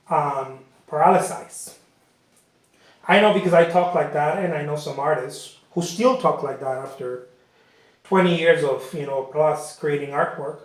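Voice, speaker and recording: Guy rambling thru a painting lesson, repeats himself a lot, big echoey room. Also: on the high side. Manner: rambling, repeats words, frequent "you know". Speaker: painting instructor. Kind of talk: casual talk during painting session.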